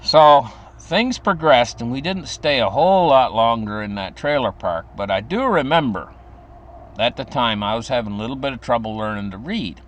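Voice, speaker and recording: A man's voice: medium pitch, lively intonation, moderate pace. A man in his fifties from the United States, telling a childhood story in a meandering, chuckling way. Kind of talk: casual personal storytelling.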